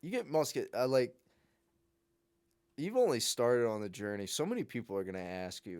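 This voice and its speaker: A man's voice: medium pitch, big pitch swings, moderate pace, pauses often, a little mellow, clean tone. A young adult man co-hosting a podcast in casual chat, joking crudely and laughing often. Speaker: podcast co-host.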